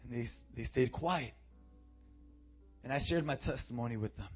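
A young man preaching as a youth pastor, calling for amens and swinging from quiet, intimate talk to shouted declarations. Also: medium pitch, moderate pace, husky. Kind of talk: sermon. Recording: dull, muffled sound with faint music.

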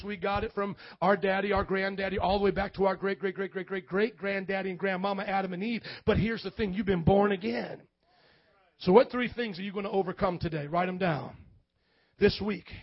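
Male pastor, high-pitched, loud colloquial sermon delivery with shouted peaks, dull lo-fi recording. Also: dry recording. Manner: loud, preaching with rising shouts; casual, colloquial preaching with call-and-response asides. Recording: dull lo-fi audio.

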